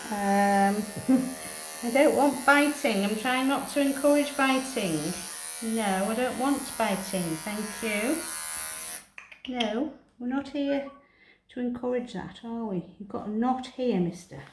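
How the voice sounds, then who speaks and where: A woman cat groomer, soothing a kitten in baby talk and calmly explaining each step as she clips him. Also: a little high, slow, slight background noise. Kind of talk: narrated grooming demonstration. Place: indoor grooming room. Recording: roomy room with electric clipper buzz.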